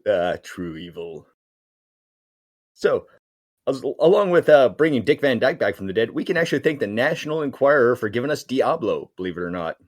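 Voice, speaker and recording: A man's voice: medium pitch, sing-song, fast talker. A man co-hosting a casual podcast, telling a story with jokes along the way. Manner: jokey, storytelling. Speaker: podcast co-host. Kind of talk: casual chat.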